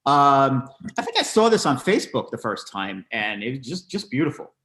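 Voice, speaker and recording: A man's voice: medium pitch, very animated, moderate pace, slight background noise. A man curating an art exhibition, presenting pieces over a video call with frequent ums and restarts. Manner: warm-hearted praise, many ums and restarts. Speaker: gallery curator hosting a virtual tour. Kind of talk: casual video-call discussion.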